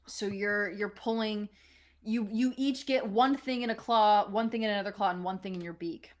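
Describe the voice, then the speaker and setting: A woman's voice: mid-range voice, normal speed. Laughing woman game master narrating. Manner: loose, laughing narration with many restarts.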